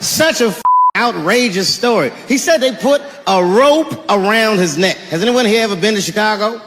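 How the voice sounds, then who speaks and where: A man performing a stand-up comedy set, telling stories with animated delivery and bursts of shouting. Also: high-pitched, moderate pace, in a large hall, noisy background.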